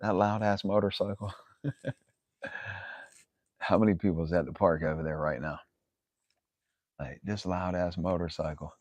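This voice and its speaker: A man's voice: low voice, fairly even intonation, a little slow, pauses often, a little mellow, no echo. A man hosting a casual livestream from his yard, rambling and swearing, laughing often. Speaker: livestream host. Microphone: phone camera.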